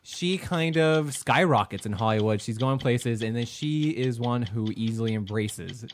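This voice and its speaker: Male podcast co-host, easygoing and giggly, lively pitch, faint background hiss. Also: normal speed. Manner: laughs often, rambling plot summary. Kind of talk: casual movie-review podcast chat.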